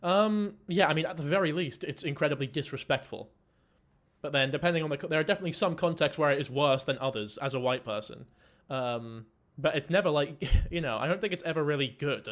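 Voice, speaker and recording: A man's voice: a little high, fairly quick, a bit bright. Man riffing on a clip. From Ireland. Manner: rambling, swears casually, laughs while talking. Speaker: streamer reacting to a clip. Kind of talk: casual commentary.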